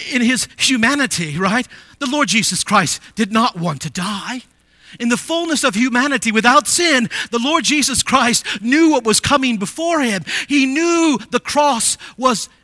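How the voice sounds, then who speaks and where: A male pastor with a high, bright voice preaches a sermon, rising to emphatic declarations and then dropping to quiet asides. He keeps asking the congregation rhetorical questions. The recording is dry and close. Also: no room sound.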